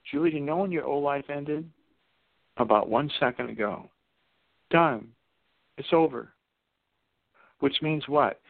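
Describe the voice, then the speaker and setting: Over a tinny, dry telephone line, a man with a creaky mid-range voice and no echo calls into a radio show as a guest and seminar teacher. He tells anecdotes, acting out the people in his stories.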